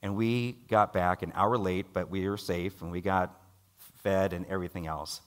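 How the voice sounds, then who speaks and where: Middle-aged guy preaching, telling a story, gets loud then real quiet. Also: normal speed. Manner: storytelling, animated, rises loud for dialogue and drops low for worry. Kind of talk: sermon with a personal story.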